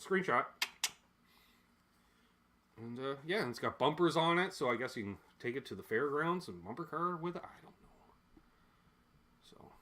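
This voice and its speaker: A man's voice: medium pitch, animated, normal speed, pauses often, sharp tone, slight background noise. A man from Canada chatting casually while unboxing old music gear, rambling, joking and swearing, and often drifting from the mic as he moves around. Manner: rambling, jokey, swears freely, voices quoted people. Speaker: gear vlogger.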